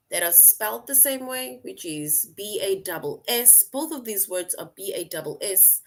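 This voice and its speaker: A woman teacher explaining a lesson slowly, repeating points and checking in with "right?" often. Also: medium pitch, a bit bright. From outside the US. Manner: slow, repetitive explaining, frequent "right?" check-ins. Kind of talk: online class lesson.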